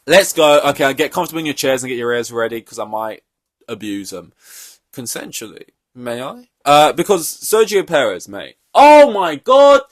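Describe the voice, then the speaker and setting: A man's voice: mid-range voice, animated, normal speed. A young man hosting a solo podcast, ranting in an exasperated, profane way. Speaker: podcast host.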